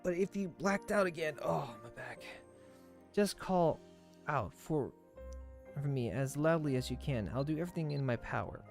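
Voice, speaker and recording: Man voicing a worried young woman, rift guardian, earnest, halting, slightly high voice, faint game music behind. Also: lively intonation, creaky. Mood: concerned.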